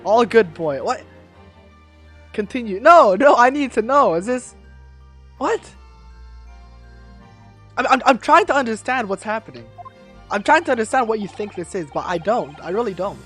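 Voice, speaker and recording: Woman game streamer, panicky, stammering, very animated pitch, faint music underneath. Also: normal speed, pauses often, breathy edge. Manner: excitable, stammering, panicky outbursts.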